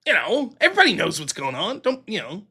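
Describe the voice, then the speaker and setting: A man's voice: sits high, wildly swooping pitch, fast, bright, forceful tone, slightly rough. A man hosting a live stream, ranting in a heated, profane, sarcastic way and mocking others in put-on voices. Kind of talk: ranting commentary.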